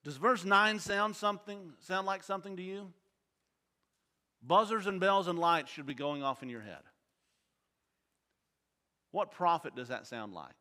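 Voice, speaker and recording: Bright-voiced man teaching a Bible class. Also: high-pitched, lively intonation, a little slow, pauses often. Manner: quizzes the class with questions. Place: church auditorium. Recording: long hall reverb.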